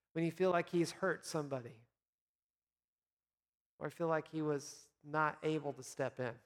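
A man's voice: on the high side, in a large hall. Earnest man giving a devotional talk. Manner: earnest, encouraging, with gentle pauses.

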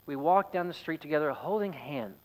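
A man's voice: fairly high pitch, lively intonation, brisk, low-quality recording. A man, a pastor, preaching a sermon in a conversational, storytelling way. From United States.

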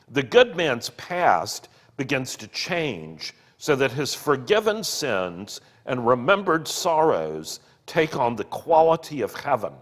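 A man reads passages aloud and then explains them, earnest and expressive. His delivery is slow and unhurried, and his pitch rises and falls a great deal. A long reverb trails behind his voice. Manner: earnest, expressive, slips into fillers when explaining. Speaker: podcast co-host discussing a book. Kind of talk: reading passages aloud with commentary.

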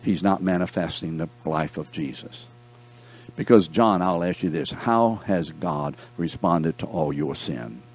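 A man's voice: low voice, a little slow. A man teaching a Bible lesson to a class, telling stories with jokes and calling on his students by name. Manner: animated, joking storyteller who calls on students by name.

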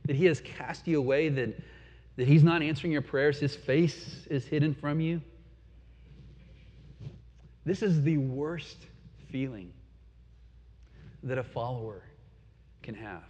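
A man preaching a sermon in an earnest, reflective way, asking the listeners questions and dropping to quiet pauses. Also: fairly high pitch, a little hiss or hum. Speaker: pastor. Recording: dull lo-fi sound with long hall reverb.

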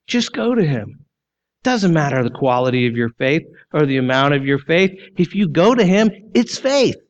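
A man preaching a sermon as pastor, emphatic and full of rhetorical questions, sometimes sinking low and quiet. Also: dull audio.

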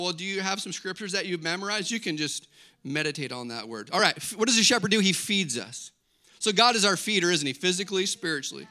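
Middle aged pastor guy preaching, chatty and fired up, high voice, super bright and sharp. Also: brisk. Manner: energetic, conversational preaching with audience questions and asides. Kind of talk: sermon.

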